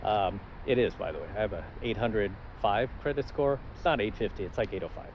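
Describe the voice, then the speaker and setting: A man's voice: fairly low pitch, lively intonation, brisk, slight background noise, poor audio. Confident, laid-back male vlogger. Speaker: channel host. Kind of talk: casual vlog storytelling.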